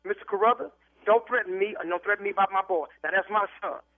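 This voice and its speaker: A man's voice: sits high, quick pace, faint music behind. A man who owns a business, arguing indignantly on a phone call, heard over a tinny phone line. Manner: indignant, protective. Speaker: prank call target, business owner. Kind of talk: heated phone argument.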